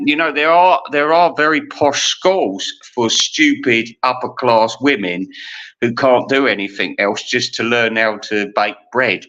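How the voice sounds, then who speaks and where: Fifties man, sweary rambling rant, sharp raised voice, muffled lo-fi sound. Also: medium pitch. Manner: profane, ranting, laughs at own jokes. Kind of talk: rambling monologue. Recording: dull lo-fi recording.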